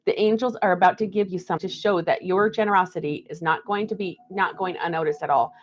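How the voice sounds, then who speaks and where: A woman's voice: lowish voice, steady tone, quick pace, lo-fi sound. A woman hosting a live stream card reading, chatting and laughing between the messages she reads aloud. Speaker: card reader.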